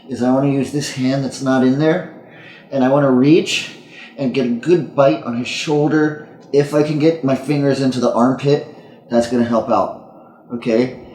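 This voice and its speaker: Inside a training gym, a man casually demonstrates jiu-jitsu escapes as instruction, repeating words and checking in with "okay?" often. Now and then he sounds strained for breath while caught in a choke. His voice is mid-range and darkish, and the sound is roomy.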